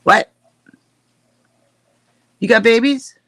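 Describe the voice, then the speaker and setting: A woman's voice: a little high, extremely slow, a bit bright. A woman streaming live, chatting casually and joking as she greets viewers by name. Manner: jokey, rambling, greets chat by name.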